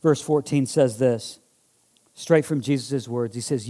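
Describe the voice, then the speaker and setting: A man's voice: mid-range voice, measured pace, mellow. A male pastor preaching a sermon. He builds to fervent, emphatic repetition and leads the congregation in call-and-response.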